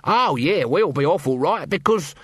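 Man voicing shifty watchman, eager, quick to agree, dry sound. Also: a little high, lively intonation, a bit bright, husky, no room sound, voice pushed up.

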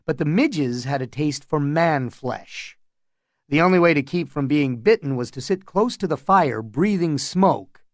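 A man reading an audiobook in calm, measured storytelling. He takes his time, in a voice that sits a little high for a man. The recording is dry and close-miked. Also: no room sound. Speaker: narrator. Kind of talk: scripted audiobook narration.

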